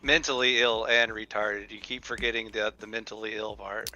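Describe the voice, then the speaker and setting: A man's voice: on the low side, fairly even intonation, normal speed, pushed and bright, low-quality recording. A man joining a casual livestream as a guest, sarcastic and wisecracking. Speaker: guest streamer.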